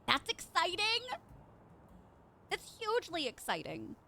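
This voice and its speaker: A woman's voice: extremely high pitch, wildly swooping pitch, unhurried, gravelly, pushed and bright, a little hiss or hum. A woman streaming a game live, chatting with her viewers and reacting as she plays. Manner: bubbly, chatty, reads chat aloud. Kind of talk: live gameplay commentary.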